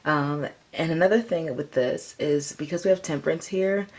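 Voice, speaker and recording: Woman, very deep voice, chatty tarot reader who rambles and hunts for words. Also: moderate pace, darkish tone. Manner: rambling, filler-heavy, chatty. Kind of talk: casual tarot reading.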